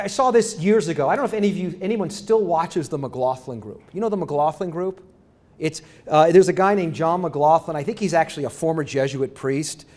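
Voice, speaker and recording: On the high side and a little mellow, this middle-aged man's voice carries an academic lecture. As a university lecturer, he keeps restarting his phrases in a rambling way and asks the room "right?" to check they're following.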